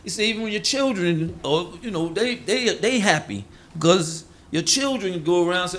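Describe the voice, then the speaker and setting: Colloquial preaching man, higher voice. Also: lively intonation, fairly quick, a bit bright, slight background noise. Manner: folksy, colloquial preaching with acted-out quotes. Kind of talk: sermon explaining proverbs.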